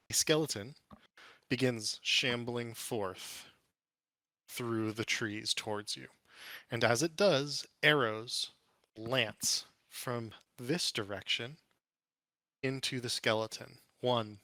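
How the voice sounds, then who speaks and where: A man narrating a tabletop game as game master in a dramatic, drawn-out way. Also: mid-range voice, pushed and bright, no echo.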